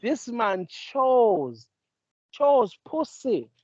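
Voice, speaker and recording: Man, thirties, casual slang-heavy chat, mellow voice, lo-fi sound. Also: very high voice, big pitch swings, drawn-out words, no room sound. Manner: laid-back, slang-heavy storytelling. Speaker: podcast co-host.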